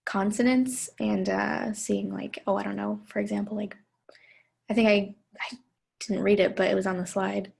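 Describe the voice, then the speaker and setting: A woman's voice: mid-range voice, vocal fry. A young woman, a student presenter, answering questions about her research with many fillers and self-corrections. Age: young adult.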